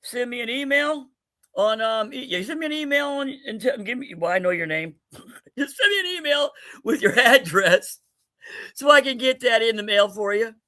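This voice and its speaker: A man's voice: very high-pitched, expressive, normal speed, sharp tone. A man hosting a casual livestream giveaway, joking loosely, laughing often and calling out to viewers by name. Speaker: livestream host running a giveaway.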